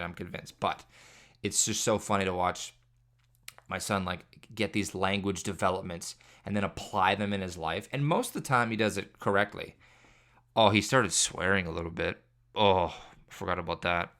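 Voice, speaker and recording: A man's voice: on the low side, brisk, fairly bright tone. A man hosting a podcast, telling rambling, joking stories about parenting. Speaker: podcast host. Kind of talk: casual comedic monologue.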